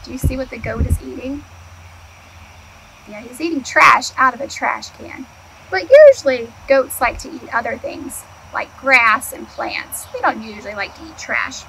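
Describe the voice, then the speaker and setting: Poor audio with a bit of hiss or hum captures a high-pitched woman reading a picture book to young kids. She's an early childhood educator with an animated, slow and clear storytime delivery. She asks the children questions, then answers them on her own.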